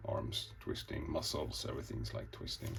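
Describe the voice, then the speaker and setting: A man talks through his comic pages in a loose, rambling way, swearing freely as he acts out the scenes. His voice sits extremely low and has a rough, gravelly edge. A faint hiss runs under the recording. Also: lively intonation, moderate pace. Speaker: comic artist. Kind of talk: casual show-and-tell.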